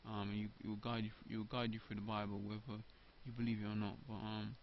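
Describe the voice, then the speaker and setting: A video blogger delivers an unscripted religious monologue to the camera, his voice low with little pitch movement and a fast pace. He speaks off the cuff about faith, stumbling, restarting, repeating words, and filling gaps with ums. The home recording is dull and lo-fi, with a faint hiss.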